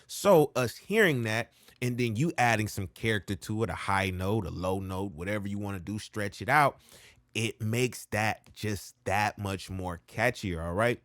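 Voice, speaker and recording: A man's voice: on the low side, normal speed, fairly bright tone, no echo, clean studio sound. A man giving a laid-back, slangy rap coaching lesson, often checking in with "all right?". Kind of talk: casual music lesson with rap demos.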